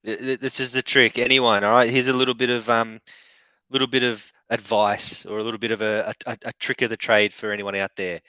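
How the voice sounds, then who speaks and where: A man's voice: mid-range voice, little pitch movement, fairly quick, sharp tone, dry recording, lo-fi sound. A man co-hosting a casual chat, joking cheekily, laughing often and swearing freely. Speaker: co-host.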